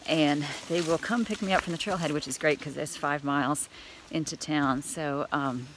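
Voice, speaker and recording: A chatty woman with a low voice vlogs from a forest trail, laughing often as she talks. She speaks into a handheld camera outdoors, with faint outdoor ambience behind her. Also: fairly even intonation, normal speed, background noise. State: out of breath on climbs. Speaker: hiker vlogger. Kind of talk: casual trail vlog.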